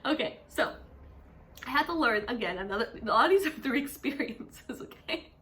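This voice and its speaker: A young woman from Canada talks casually to camera, chatty and animated, her voice bright and forward. Faint room hum sits behind her. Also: on the high side, moderate pace. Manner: chatty, animated, says "like" constantly. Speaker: vlogger; teacher. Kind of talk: casual vlog chat.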